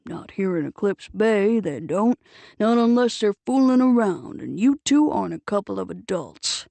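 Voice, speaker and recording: A woman voicing a combative older man with a loud, bossy manner in an audiobook. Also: high-pitched, animated, moderate pace, vocal fry, dry recording. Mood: angry. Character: gruff older man, bushy-browed and combative.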